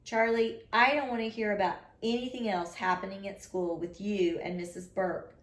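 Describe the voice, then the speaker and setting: A woman's voice: medium pitch, fairly even intonation, moderate pace, close to an everyday voice. A woman reading aloud, voicing a tired middle-aged father who lectures his son seriously. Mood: stern. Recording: roomy echo.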